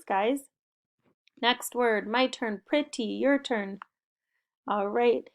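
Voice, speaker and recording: Slow, gravelly-voiced woman teacher. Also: on the high side. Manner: upbeat, encouraging, clearly paced instructions. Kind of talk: spelling lesson for young children. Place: home recording.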